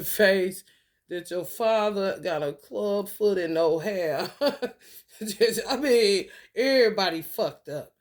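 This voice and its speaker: A woman talking casually to her viewers, telling animated, profane stories with frequent laughter. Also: medium pitch, gravelly. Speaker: spiritual talk host.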